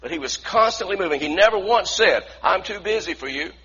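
A man preaching a sermon in an animated way, acting out the voices of the people in the story. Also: high voice, brisk, husky. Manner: animated, acts out voices from the story, asks the congregation to repeat. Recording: dull lo-fi recording.

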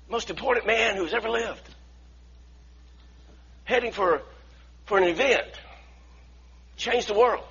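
A man preaching a sermon in an animated way, acting out the voices of the people in the story. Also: sits high, unhurried, creaky, pauses often, breathy edge. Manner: animated, acts out voices from the story, asks the congregation to repeat. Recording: dull lo-fi recording.

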